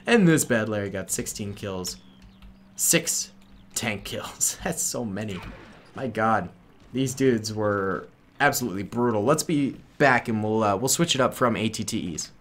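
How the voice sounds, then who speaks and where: A man giving casual gameplay commentary, chatty and excitable, laughing often. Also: lowish voice, a little slow, slight background noise. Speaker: gaming YouTuber.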